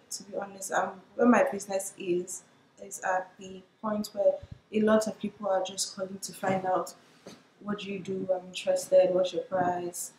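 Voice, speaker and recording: Lively young woman, roomy sound. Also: medium pitch, a little hiss or hum. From Nigeria. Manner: lively storyteller who acts out what people said. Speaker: business owner and surface pattern designer. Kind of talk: storytelling to camera.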